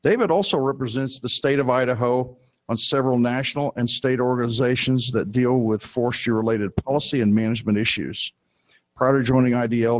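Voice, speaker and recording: A man moderating a conference panel, reading out a speaker introduction, slowing and stumbling on some phrases. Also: medium pitch, rough recording. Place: conference room.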